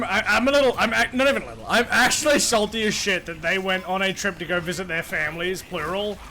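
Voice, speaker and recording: A young man chats away with his viewers during a gaming stream. His pitch sits a little high and swings widely as he jokes and swears. His voice has a bright, forceful edge. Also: a little hiss or hum. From Australia. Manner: animated, joking, swears freely, talks to chat. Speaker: live streamer. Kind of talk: casual live-stream chat while gaming.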